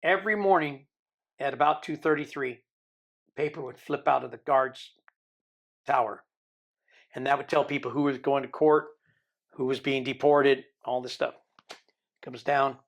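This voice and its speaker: An older man, a podcast guest, tells his own story in a lively way and acts out the people he quotes. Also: mid-range voice, normal speed, long pauses. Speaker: interview guest.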